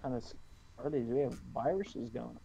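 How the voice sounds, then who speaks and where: A man joins a friend's stream for casual chat. He stumbles over his words and eggs his friend on. His voice is gravelly and dark in tone. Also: medium pitch, brisk, dull audio.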